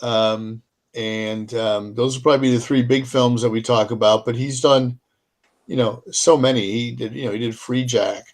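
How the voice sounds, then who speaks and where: A man hosting a show in casual chat, easygoing and hesitant, with many pauses and fillers. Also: medium pitch, steady tone. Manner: easygoing, hesitant, lots of ums. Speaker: podcast host.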